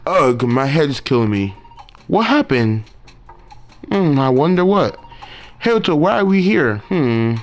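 A man's voice: a little high, sing-song, a little slow, pauses often, faint music behind. A man reading aloud the lines of a dazed young male monk from a video game, raising his voice for the part. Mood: bewildered.

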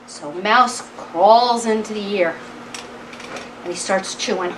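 A woman telling a traditional animal tale to a live audience, in a slow, deliberate way with long pauses. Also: medium pitch, slight background noise. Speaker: storyteller. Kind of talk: oral storytelling at a live concert. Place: event hall. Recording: distant mic at a live event.

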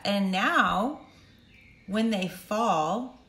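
Middle-aged woman, emphatic coach, animated, medium pitch, roomy echo. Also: slow pace. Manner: animated, emphatic, acts out quotes with big pitch jumps. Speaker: speaker and coach. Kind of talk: direct-to-camera talk.

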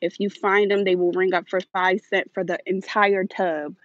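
A woman hosting a live shopping stream inside a large store, filming on a handheld phone and talking fast and chatty to her viewers while a little out of breath. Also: medium pitch, flat delivery, no echo. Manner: chatty, hurried, addresses viewers directly. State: slightly out of breath. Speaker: deal-hunting vlog host. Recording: dull phone audio.

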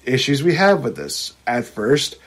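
A man's voice: mid-range voice, a little slow. A young man co-hosting a podcast, ranting in a casual chat about a movie, swearing freely and voicing its characters mockingly. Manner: animated, profane ranting with mocking quotes. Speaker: podcast co-host.

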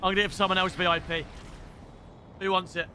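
A young man streams his game live, excitable and quick to swear at other players. His voice sits high and bright, with sharp, tense edges to it. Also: slight background noise.

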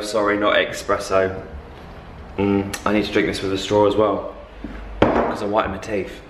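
A man's voice: fairly low pitch, a little slow, pauses often, very noisy. A young man, chatting casually to his vlog audience with bubbly, exaggerated reactions. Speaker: vlogger. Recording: echoey room with faint ambience.

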